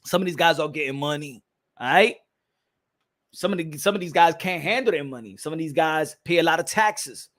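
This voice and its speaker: A man hosting a boxing channel live stream, ranting in an animated, profane way with frequent restarts and rhetorical questions. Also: fairly high pitch, brisk.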